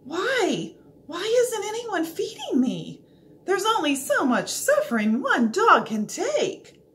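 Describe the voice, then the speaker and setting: A woman voicing an excitable, hungry pet dog that begs and whines dramatically. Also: very high voice, normal speed, a little hiss or hum, voice pushed up, heavily acted. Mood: pleading whine. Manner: whiny, begging, exclamatory.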